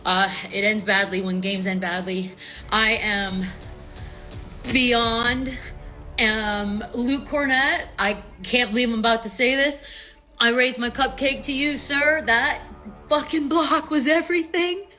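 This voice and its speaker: A woman in her fifties, out of breath and excited, talking fast and swearing as a sports fan on a live stream. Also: on the high side, faint music behind, low-quality recording. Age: 50s. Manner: excited, swearing, laughing between lines.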